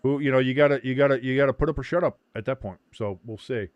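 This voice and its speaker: A man's voice: mid-range voice, quick pace, no echo, muffled recording. Rambling, swearing male stream host. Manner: rambling, profane, joking. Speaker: host of a sports watch-along stream. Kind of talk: casual livestream chat.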